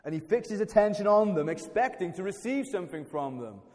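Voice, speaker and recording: A man's voice: high-pitched, very animated, fairly quick, a little mellow. A man preaching a sermon in a chatty, self-deprecating way, often restarting his sentences. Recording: church hall reverb.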